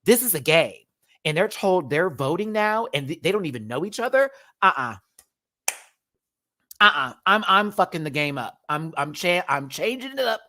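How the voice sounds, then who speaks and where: A sassy man hosting a live review stream, his pitch jumping all over as he rants. He swears freely, drops into campy impressions of the people he talks about and reads out comments from the viewer chat. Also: big pitch swings, normal speed, pushed and bright.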